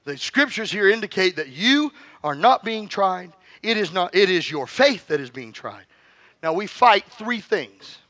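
A man's voice: high-pitched, sing-song, unhurried, pushed and bright, dry recording. A middle-aged male pastor preaching a fervent sermon with call-and-response, telling stories and joking with the congregation.

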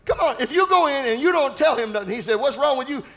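Guy preaching a sermon, really high voice, punchy and repetitive, jumps into shouts. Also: expressive, fast talker. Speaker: pastor.

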